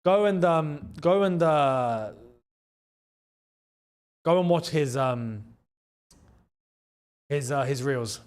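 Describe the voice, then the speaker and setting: A young man with a London accent hosting a live football watchalong, chatting in slang and breaking into excited shouts at big chances. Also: mid-range voice, drawn-out words, long pauses. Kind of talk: live match watchalong commentary.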